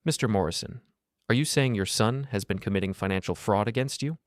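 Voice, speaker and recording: A man voicing a calm, professional male police officer with measured speech. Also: on the low side, dry recording, studio quality, close to an everyday voice. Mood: probing.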